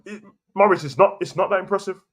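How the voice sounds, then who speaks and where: His voice is high-pitched and steady in tone, and he talks fast. The host of a casual wrestling opinion show, he rants to camera, making his case with heated repetition.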